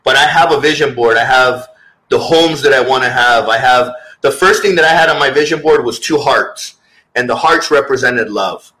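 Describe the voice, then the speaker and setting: A man's voice: mid-range voice, normal speed, pushed and bright, low-quality recording. A man talking as a guest author in a casual interview, earnest and rambling, with many restarts.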